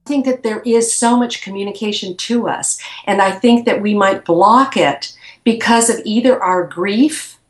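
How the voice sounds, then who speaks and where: A woman guest slowly and reflectively recounting a personal experience in an interview. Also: mid-range voice, roomy sound.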